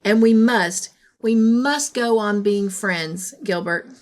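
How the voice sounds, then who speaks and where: A woman reading the lines of a dreamy, emotional young woman in a storybook, halting and stammering. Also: medium pitch, lightly acted.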